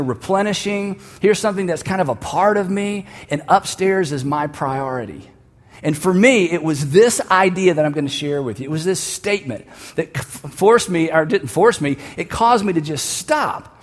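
A man's voice: sits high, animated, normal speed, big-room sound. A man preaching a sermon, telling a personal story and leading the listeners to repeat a line together. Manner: storytelling, building to emphatic calls for the audience to repeat. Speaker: pastor.

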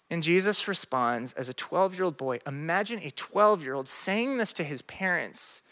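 A male pastor preaches a loose, conversational sermon to a youth group, animated and packed with jokes and quick asides. His voice sits a little high and rings bright, swinging from big excited peaks to quiet, earnest stretches.

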